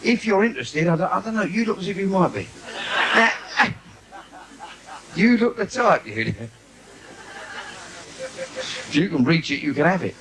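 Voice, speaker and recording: Brash London stand-up comic. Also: male voice, high voice, sing-song, moderate pace, pauses often, a crowd in the background. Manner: brash, cheeky patter with audience asides. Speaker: stand-up comedian. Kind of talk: live bawdy stand-up routine. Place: theatre stage before a live audience. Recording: noisy live theatre recording.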